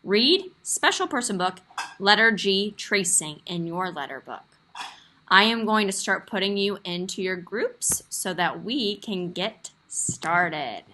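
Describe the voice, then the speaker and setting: A woman teacher leading a young class over a video call, encouraging and expressive as she reads a story aloud. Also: medium pitch, slow pace, a little hiss or hum. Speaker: kindergarten teacher. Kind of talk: online class lesson.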